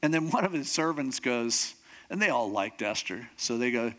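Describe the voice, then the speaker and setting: A man preaching as a pastor, retelling a story in a lively, animated way and acting out the characters. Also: medium pitch, normal speed. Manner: animated, acts out characters with voices. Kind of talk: sermon storytelling.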